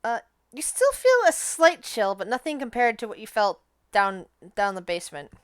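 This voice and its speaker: A woman's voice: fairly high pitch, wildly swooping pitch, moderate pace, clear, resonant tone, no echo. A woman running a tabletop game as game master, narrating in a rambling, filler-heavy way.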